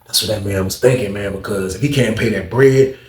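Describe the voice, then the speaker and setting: A man telling a prison story casually, acting out other voices and getting loud when excited. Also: brisk, slight background noise. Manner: acts out other people's voices, jumps high when excited. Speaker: storyteller recounting prison life. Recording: echoey room.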